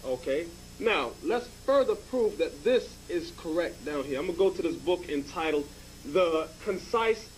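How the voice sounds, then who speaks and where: A man's voice: fairly high pitch, lively intonation, normal speed, slight background noise, poor audio. A man giving informal Bible teaching, emphatic and repetitive, often checking with "okay?". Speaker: religious teacher.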